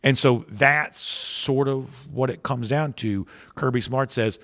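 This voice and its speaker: A man hosting a sports podcast, talking in a measured, analytical and emphatic way. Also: mid-range voice, a bit bright, no echo, studio quality. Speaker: podcast host.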